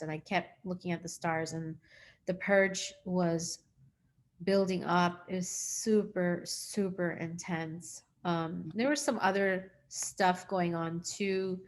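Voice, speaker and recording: A woman hosting an interview, telling her own story in a loose, rambling way with lots of fillers and acted-out quotes. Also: fairly low pitch. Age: adult with a young daughter. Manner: rambling, heavy use of "like" and "um"; acts out quoted dialogue. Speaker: host sharing her own experience.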